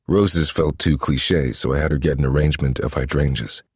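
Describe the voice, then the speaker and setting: A man narrating a first-person romance story in a low, intimate, steady manner. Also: brisk, breathy edge, no echo, clean studio sound. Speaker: audiobook narrator.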